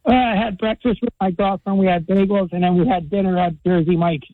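High-voiced male caller on a tinny phone line. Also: steady tone, a little fast, dry recording. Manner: hesitant, filler-heavy. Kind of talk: casual phone chat.

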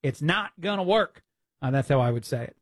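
A man's voice: fairly high pitch, expressive, brisk, dry recording. A man filling in as a talk radio host, delivering an opinionated monologue with frequent "uh" fillers and restarts, sounding indignant. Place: radio studio. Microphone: studio mic.

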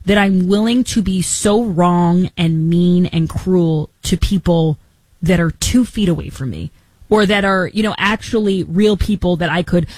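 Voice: mid-range voice, normal speed, breathy edge, no room sound, low-quality recording. A podcast co-host giving a passionate, rambling opinion in casual chat, often stopping to restart a thought. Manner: impassioned, rambling, self-interrupting.

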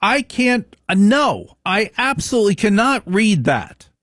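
A man's voice: high-pitched, sing-song, measured pace, a bit bright, dry recording, clean studio sound, voice pushed up, full character voice. A man putting on the voice of his older grandmother, a stubborn, proud woman who insists on her refusals. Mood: insistent.

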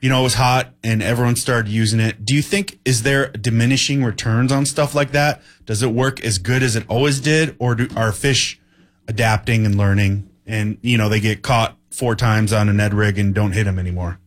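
A man's voice: on the low side, steady tone, normal speed. A man co-hosting a podcast who asks his guest follow-up questions. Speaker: podcast co-host.

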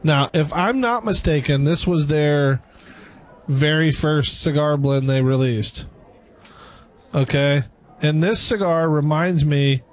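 Man, co-host, casual chat, joking, teasing, slightly high voice. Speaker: podcast co-host. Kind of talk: casual chat reviewing cigars.

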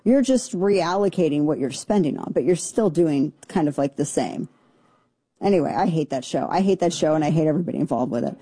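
A woman's voice: deep voice, lively intonation, brisk, mellow, breathy edge, no echo. A woman giving casual opinion commentary in an opinionated, sarcastic way.

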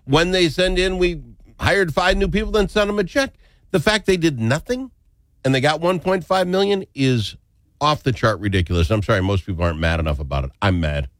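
A man's voice: medium pitch, animated, a little fast, no echo, studio quality. A man hosting a talk radio show, opinionated, indignant and jokey.

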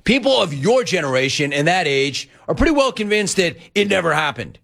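A man hosting sports talk radio, ranting in an animated way and mimicking other people as he talks. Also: a little high, a little fast, creaky. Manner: animated, ranting, quoting others in mock voices.

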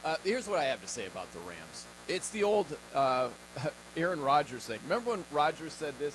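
High-voiced emphatic American sports host. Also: male voice, big pitch swings, moderate pace, background noise. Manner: emphatic, rhetorical questions, frequent laughs. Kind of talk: sports talk commentary.

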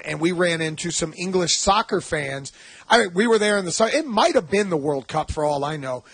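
A man hosting a sports radio show, chatty and eager, tossing in quick asides. His voice sits high and a little husky. The studio sound is dry and close. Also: a bit bright, dry recording. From Atlanta.

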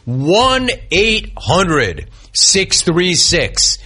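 A man's voice: high voice, very animated, very slow, bright, forceful tone, breathy edge. A man hosting sports talk radio, ranting at length in a sarcastic, mocking way. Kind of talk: heated sports talk monologue.

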